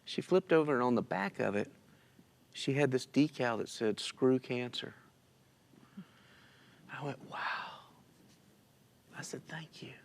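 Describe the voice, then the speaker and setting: A man's voice: medium pitch, expressive, measured pace, creaky, long pauses, slight background noise. A man telling a personal story of loss in a casual church interview, tearful and emotional, quoting himself and others as he goes. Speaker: church member sharing his story. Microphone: church stream recording.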